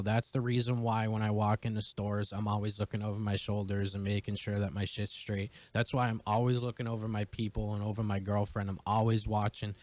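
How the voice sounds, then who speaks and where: A man's voice: on the low side, darkish tone, dry recording. A young man telling a personal story to his viewers in a casual, profane, rambling way. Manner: profane, fast-rambling retelling. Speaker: vlogger.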